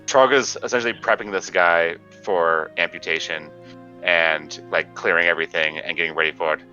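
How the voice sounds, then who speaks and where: A man's voice: low voice, steady tone, sharp tone, lo-fi sound, faint music behind. A man playing a tabletop game, describing his character's actions and snapping out orders in character. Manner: brisk and commanding when in character. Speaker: player. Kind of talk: tabletop role-play, half narrating, half in character.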